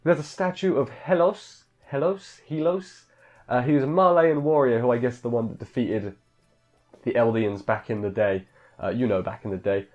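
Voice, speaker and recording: A man's voice: mid-range voice, moderate pace, a little mellow, lo-fi sound, soft background music. A man casually recapping an anime episode in a rambling, offhand way, full of fillers. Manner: rambling, offhand, filler-heavy, mimics characters in quotes. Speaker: anime reviewer.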